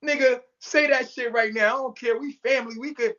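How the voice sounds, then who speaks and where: A man's voice: extremely high pitch, steady tone, fairly quick, pushed and bright, dull audio. A man telling a story in casual talk, acting out every quote with big jumps in his voice and swearing freely. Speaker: storyteller guest. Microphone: remote call mic.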